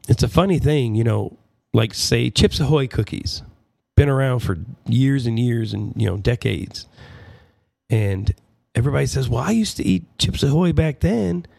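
Gravelly, mellow-voiced male host. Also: mid-range voice, normal speed, no room sound. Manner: relaxed, chatty, asks the audience. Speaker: host reacting to clips. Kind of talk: casual commentary.

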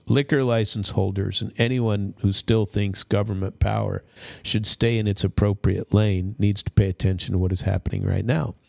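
A man's voice: on the low side, vocal fry, darkish tone, no echo, studio quality. A male radio talk show host giving blunt, indignant commentary, cursing now and then and often restarting his sentences. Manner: frequent stammered restarts.

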